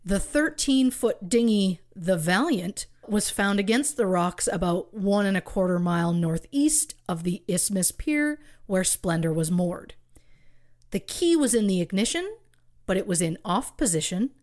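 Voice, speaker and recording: A woman's voice: mid-range voice, expressive, measured pace, a little mellow. A woman co-hosting a true crime podcast, telling the case with rhetorical questions and wry asides. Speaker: podcast co-host.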